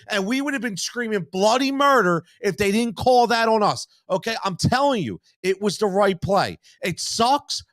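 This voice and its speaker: A man's voice: high-pitched, a bit bright, no echo. A man hosting a live postgame sports reaction stream, fired-up and blunt, swearing freely and repeating his points. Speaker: sports talk host.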